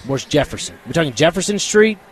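A man co-hosting a casual radio show, from Tennessee, bantering quickly and cheerfully. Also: on the high side, big pitch swings. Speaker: radio co-host. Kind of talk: casual sports radio chat.

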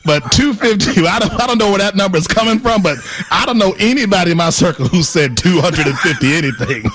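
A man's voice: sits high, animated, fast talker, a bit bright, faint music behind. A man co-hosting a call-in radio show, teasing his partner and laughing easily in casual banter.

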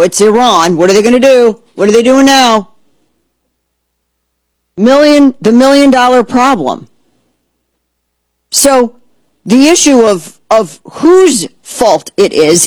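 A woman's voice: on the high side, dry recording, poor audio. A woman hosting a political talk radio program, speaking in a heated, blunt and sarcastic way. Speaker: radio host.

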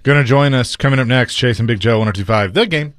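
A man co-hosting a sports radio show, talking in a measured, conversational way. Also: mid-range voice, dry recording, studio quality. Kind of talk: casual sports talk.

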